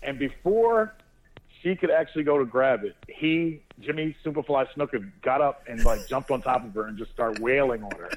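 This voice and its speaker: A man co-hosting a talk show, telling a family story in an animated way and laughing as he goes. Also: medium pitch, moderate pace. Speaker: co-host of a sports talk show. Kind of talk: casual storytelling chat. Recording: tinny phone line.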